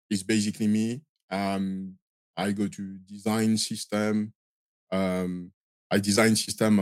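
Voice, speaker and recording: A man's voice: lowish voice, a little mellow, no echo. A man in his forties from France with a strong Marseille French accent, talking in a hesitant, filler-heavy way as an interview guest. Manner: hesitant, many fillers and restarts. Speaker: guest, lighting system designer. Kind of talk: casual interview talk.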